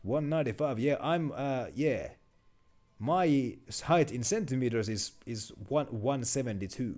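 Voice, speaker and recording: A man's voice: medium pitch, lively intonation, measured pace, a little mellow. A man streaming a video game, chatting casually and rambling with lots of fillers.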